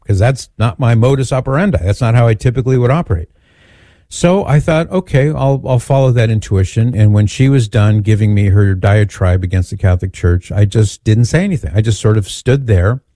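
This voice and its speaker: A man with a low, mellow voice tells a personal story in an easy, conversational way. He is candid and pokes fun at himself. The sound is close and dry, with no room echo. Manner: conversational, candid and self-deprecating. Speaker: Catholic speaker and author. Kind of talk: storytelling talk.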